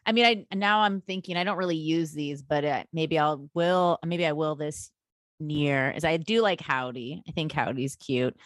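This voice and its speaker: A woman with a very low, deep speaking voice chats casually as a podcast co-host. She is playful and loose, swearing now and then. The sound is dry and close, with no room around it. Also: normal speed, no room sound. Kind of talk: casual chat.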